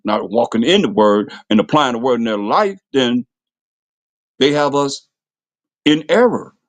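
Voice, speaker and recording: Fiery preacher man with a dry sound. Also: dry recording. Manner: impassioned, rhetorical questions, voice jumps high when mocking. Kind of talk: fiery street-style scripture sermon.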